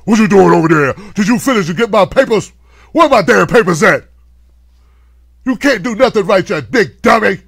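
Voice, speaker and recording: A man putting on the voice of a nasty female boss who yells insults at her staff and then turns sugary sweet. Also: very high-pitched, animated, moderate pace, no echo, clean studio sound, voice pushed up. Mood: yelling, contemptuous.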